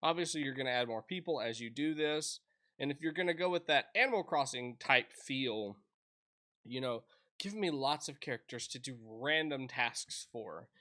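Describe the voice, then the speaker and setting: A man casually reviews an indie game as he plays, his talk chatty and full of restarts. His voice sounds bright and forward. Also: mid-range voice, lively intonation, moderate pace. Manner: rambling, chatty, self-interrupting. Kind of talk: casual let's-play commentary.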